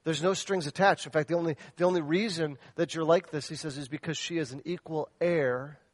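A man's voice: a little high, fairly even intonation, a little fast, no room sound. Impassioned male pastor, dry sound. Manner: impassioned, swinging from loud exhortation to soft earnest asides; addresses the men directly with questions. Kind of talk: sermon.

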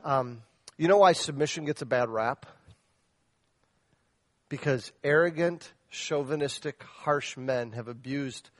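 Passionate and direct, a male pastor with a mid-range voice preaches a sermon, alternating loud exhortation with soft, earnest asides as he questions the men of the congregation. There's no room sound.

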